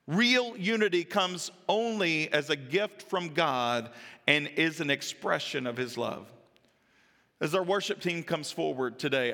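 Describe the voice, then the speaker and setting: A high, bright male voice with a gravelly edge, preaching from the pulpit. He is a pastor in his thirties who pushes his points with earnest emphasis, then drops into quiet, personal asides. The sound carries the long reverb of a church sanctuary. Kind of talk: sermon. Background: church hall.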